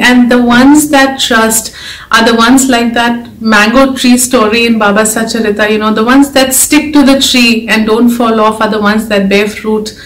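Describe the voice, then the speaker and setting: Lady giving an emotional devotional talk, kinda high voice, echoey room. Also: steady tone, normal speed, fairly bright tone. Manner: earnest, emotional, exhorting. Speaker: devotional speaker and author.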